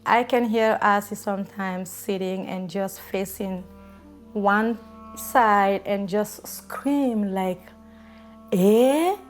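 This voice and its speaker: A woman's voice: medium pitch, fairly even intonation, soft background music. A woman recalls a friend's hard times in an interview, telling the story and acting out the dialogue. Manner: unhurried storyteller, acts out dialogue.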